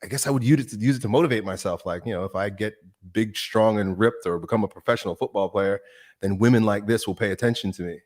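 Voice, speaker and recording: A man's voice: lowish voice, fast, darkish tone. A man, a fitness video maker, talking as a podcast guest in an earnest, emphatic and preachy way. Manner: emphatic, preachy, builds up to strong statements. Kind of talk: earnest interview conversation.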